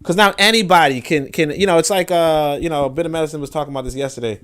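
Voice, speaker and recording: A man hosting a podcast, giving animated, profane, casual political commentary and often repeating words as he restarts sentences. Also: a little high, fast. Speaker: podcast host.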